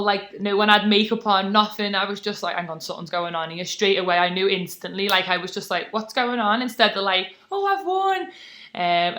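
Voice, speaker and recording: A British woman in her twenties talks through her memories in a relaxed podcast chat. Her voice is bright and a little low for a woman. She talks loosely, with lots of "like" and "um". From Britain. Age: 20s. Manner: chatty storytelling, many "like" and "um" fillers. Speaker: guest, taekwondo athlete. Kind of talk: casual podcast interview.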